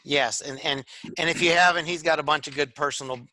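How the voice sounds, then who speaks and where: A man from Michigan with a Northern US accent and a slightly raspy voice, co-hosting a casual chat and rambling with many fillers. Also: a little high, fairly even intonation, brisk, pushed and bright, no room sound. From Michigan, USA. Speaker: podcast co-host.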